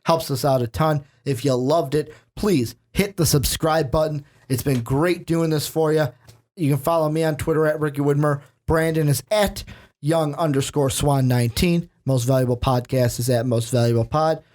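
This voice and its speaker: A man's voice: a little high, moderate pace. A man hosting a casual sports podcast, joking and asking his co-host questions. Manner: joking, animated, asks questions.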